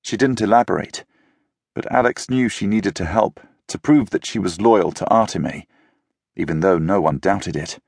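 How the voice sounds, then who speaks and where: A man narrating a children's novel, in a slow, measured reading. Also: low-pitched, creaky, a little mellow, slightly rough, no room sound, studio quality. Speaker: audiobook narrator.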